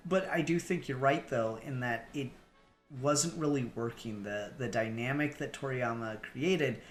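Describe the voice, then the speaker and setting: A man co-hosting a podcast in casual chat, animated, acting out bits in quick bursts. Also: medium pitch, faint music behind. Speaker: podcast co-host.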